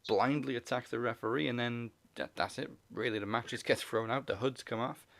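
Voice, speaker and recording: A man co-hosting a wrestling podcast, recapping the week's matches in a relaxed way and laughing often. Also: medium pitch, a little fast, vocal fry, dry recording. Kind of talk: casual recap of wrestling shows.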